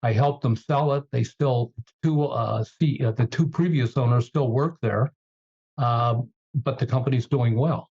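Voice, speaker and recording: Male executive guest, measured and hesitant with ums, mid-pitched, slightly muffled lo-fi recording. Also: darkish tone, husky. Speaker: guest, turnaround CEO. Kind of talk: interview storytelling.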